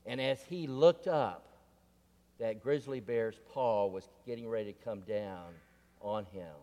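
A man preaching a sermon, telling stories and repeating questions in a deliberate way. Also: on the low side, mellow. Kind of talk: sermon with storytelling. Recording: long reverb of a large room.

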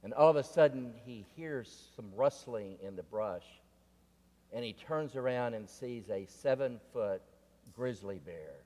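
A man preaching a sermon, telling stories and repeating questions in a deliberate way. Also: mid-range voice, lively intonation, mellow. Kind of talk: sermon with storytelling. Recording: long reverb of a large room.

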